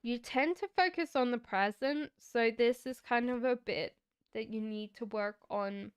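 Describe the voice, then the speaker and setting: A woman reads tarot cards on a live stream, taking her time over each card in a reflective, chatty way. Her voice is very clear and a little high. The sound is dry and close, with no room echo. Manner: slow, reflective, chatty with giggles. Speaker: tarot reader.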